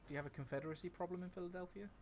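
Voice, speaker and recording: A man's voice: sits high, racing, a little mellow. A man from outside the United States, chatting casually as a podcast co-host and asking curious questions. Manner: curious, asks many questions. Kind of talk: casual chat while gaming.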